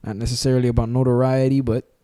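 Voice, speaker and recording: Mellow-voiced young man, emphatic podcast co-host. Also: medium pitch, little pitch movement, fast talker, dry recording, clean studio sound. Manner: emphatic, repeats himself, says "bro" a lot. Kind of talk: casual chat.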